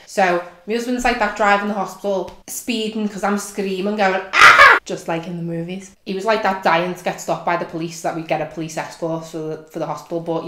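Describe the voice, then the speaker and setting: Young scouse lady telling a funny story, goes from mumbly to loud, bit of room echo. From England. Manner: animated, swings from low mutter to loud outbursts. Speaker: vlogger. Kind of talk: comic storytelling. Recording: echoey room.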